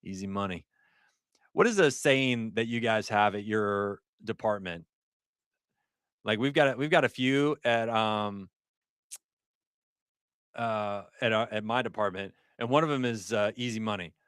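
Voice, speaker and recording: A man's voice: fairly low pitch, unhurried, long pauses, a bit bright, clear, resonant tone, no room sound, studio quality. A middle-aged man, an ER nurse, hosting a casual livestream, reading chat aloud and laughing often.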